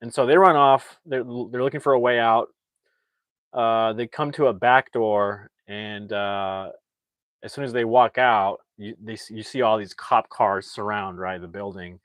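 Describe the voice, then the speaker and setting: A man casually recapping a movie plot, talking excitably and restarting his sentences often. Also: lowish voice, measured pace, no room sound. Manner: rambling, excitable, frequent restarts and "like". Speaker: movie reviewer.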